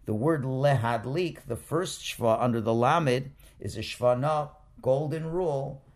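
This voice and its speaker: A male teacher who speaks at an unhurried, deliberate pace, with a voice of average pitch. He explains rules patiently and sounds out syllables one by one. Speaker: Hebrew reading teacher. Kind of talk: slow explanatory lesson.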